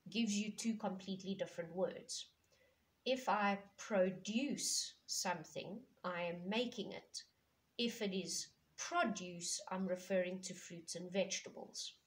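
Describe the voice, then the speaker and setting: A woman from South Africa, an English teacher, explaining a poem in a patient classroom manner with frequent fillers. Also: mid-range voice.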